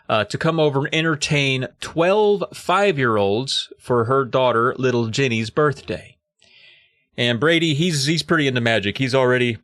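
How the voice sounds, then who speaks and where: A man co-hosting a podcast, recapping a story in a jokey, animated way. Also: medium pitch, no room sound, clean studio sound. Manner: animated, jokey, acts out characters. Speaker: podcast co-host.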